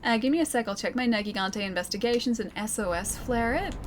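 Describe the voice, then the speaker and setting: A woman's voice: on the high side, fast talker, noisy background. Chatty Australian woman streamer. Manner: chatty, laughs often, answers chat. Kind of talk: casual live-stream chat while gaming.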